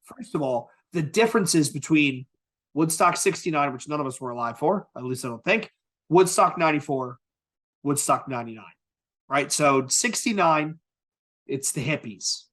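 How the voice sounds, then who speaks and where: A man hosting a podcast, talking in an animated, casual way and often asking "right?". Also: on the high side, moderate pace. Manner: animated, asks rhetorical "right?". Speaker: podcast host. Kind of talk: casual chat.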